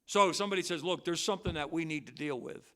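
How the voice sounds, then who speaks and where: A man preaching as pastor at a midweek church service, swinging between loud, drawn-out stressed words and quiet, quick asides. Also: on the high side. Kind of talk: expository sermon. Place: church sanctuary.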